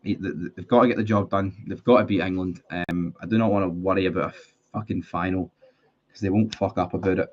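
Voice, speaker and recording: A man's voice: deep voice, fairly even intonation, a little fast. A man hosting a casual livestream, talking bluntly and rambling, swearing freely and restarting his sentences. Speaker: livestream host. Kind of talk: casual livestream chat reading viewer comments. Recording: dull lo-fi stream audio.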